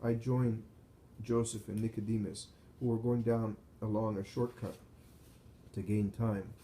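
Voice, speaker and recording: Solemn male narrator, mellow voice. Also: fairly low pitch, flat delivery, a little hiss or hum, low-quality recording. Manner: measured, solemn reading. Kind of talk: scripted first-person narration of a visionary text.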